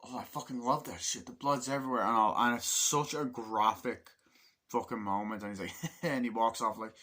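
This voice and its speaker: Casual male film reviewer, excitable, profane, mid-pitched voice, acts out the scenes himself. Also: normal speed. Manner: excitable, heavy swearing. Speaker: movie reviewer.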